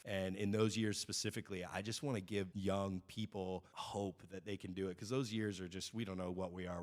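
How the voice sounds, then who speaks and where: Deep-voiced guy in his 40s, talks fast, tells stories and does the voices of people in them. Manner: animated storyteller, acts out quoted dialogue. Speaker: guest, real estate broker. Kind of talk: casual interview storytelling.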